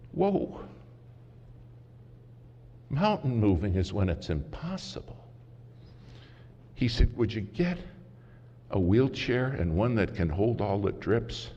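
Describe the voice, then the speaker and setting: A man preaching a sermon as a story, dramatic and swinging from loud to hushed, recorded in a large conference hall. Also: on the low side, very animated, slow pace, long pauses, breathy edge. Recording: muffled hall recording with faint hiss.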